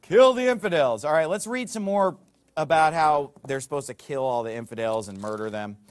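A man with a medium-pitched, smooth voice delivers a fiery sermon at a slightly quick pace. He fires off rhetorical questions, his voice rising in bursts, and pauses now and then to read passages aloud from a book.

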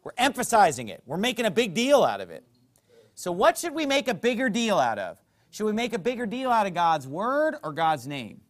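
A man's voice: high voice, wildly swooping pitch, fairly quick. A man preaching a sermon as pastor, emphatic and fond of rhetorical questions.

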